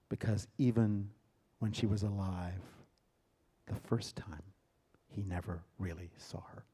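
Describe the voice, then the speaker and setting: A man, a theater director, giving a lecture and retelling a story with dramatic emphasis and sudden loud bursts. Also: lowish voice, steady tone, a little slow, breathy edge. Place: lecture hall.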